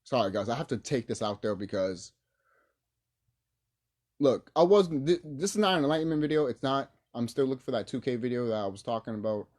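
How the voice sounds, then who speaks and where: Speaking briskly in a medium-pitched, slightly mellow voice, a man vents on his video channel with animated, profane anger. It's a casual ranting vlog recorded at home through his camera's mic.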